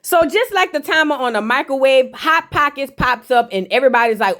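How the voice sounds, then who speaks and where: High-voiced sassy woman recapping TV. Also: animated, a little fast, fairly bright tone. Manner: sassy, slangy, teasing asides to viewers. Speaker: reality TV recap host. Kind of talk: casual recap with commentary.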